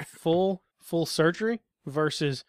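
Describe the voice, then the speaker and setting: A man in a relaxed podcast conversation, his voice sitting a bit high for a man. He speaks in a measured, hedging way and laughs along. The sound is close and dry. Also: no echo. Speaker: podcast co-host. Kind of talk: casual chat.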